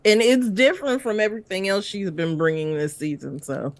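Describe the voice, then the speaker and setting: A woman's voice: medium pitch, a little fast. A woman co-hosting a casual review chat, laid-back, often answering with short agreeing replies. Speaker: co-host reviewing a reality show.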